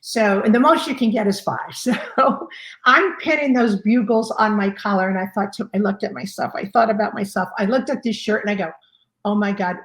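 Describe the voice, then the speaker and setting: Woman in her sixties, fire chief guest, rambling storyteller, mid pitch, echoey room. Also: brisk, fairly bright tone. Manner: rambling, many "you know" fillers. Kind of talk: conversational storytelling. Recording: roomy echo.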